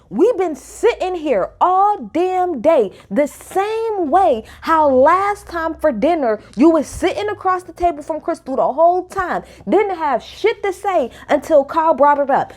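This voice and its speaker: High pitched woman ranting sassy tv recap, cursing a lot. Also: darkish tone. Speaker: reality TV recap vlogger. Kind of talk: casual recap commentary.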